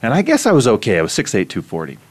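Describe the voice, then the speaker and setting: A middle-aged man from Iowa, hosting a casual conversation and telling stories with animated laughter. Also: medium pitch, very fast. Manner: animated storytelling, laughs often. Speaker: host.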